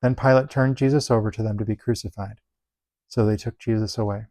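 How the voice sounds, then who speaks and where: A man reading Bible passages aloud in a steady, measured delivery. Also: on the low side, no room sound. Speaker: Bible reader.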